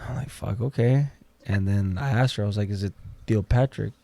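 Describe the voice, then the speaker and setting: A man's voice: on the low side, brisk, creaky, warm tone, dry recording. Man, podcast guest, casual storyteller, acts out quotes, dry close sound.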